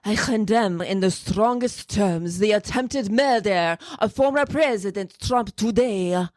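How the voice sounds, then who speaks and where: A woman's voice: medium pitch, measured pace, darkish tone, dry recording, clean studio sound, lightly acted. A woman putting on a French accent to voice a male politician reading a solemn, formal statement.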